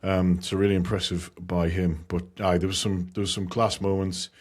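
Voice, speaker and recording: A man with a fairly low voice, talking in an easygoing, rambling way on a podcast. He swears casually and leans on plenty of ums and likes. It sounds like relaxed chat between friends. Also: normal speed. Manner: laid-back, swears, rambling with fillers. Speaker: podcast co-host and commentator.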